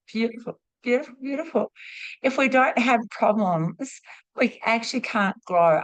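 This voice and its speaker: Female teacher hosting a class on a video call, warm and encouraging. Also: mid-range voice. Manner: warm, repeats praise words in threes. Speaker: host and spiritual teacher. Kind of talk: live online class, leading a sharing round.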